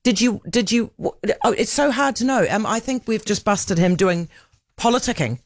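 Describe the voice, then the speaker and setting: A woman with a New Zealand accent hosting a talk radio news hour, chatty and wry with quick asides. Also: a little high, lively intonation, no echo, studio quality.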